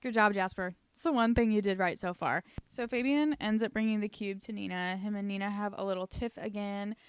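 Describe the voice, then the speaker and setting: A woman recapping a TV series in a casual, comedic way. She swears freely, leans on "like" as filler and breaks into animated, louder stretches. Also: mid-range voice, brisk, clear, resonant tone, dry recording. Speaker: YouTube recap host.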